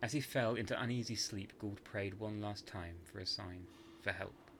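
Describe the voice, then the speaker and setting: Deep-voiced man narrating a dark tale. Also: steady tone, gravelly, slight background noise. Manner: measured, hushed dramatic storytelling. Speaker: podcast narrator. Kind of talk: scripted horror story narration.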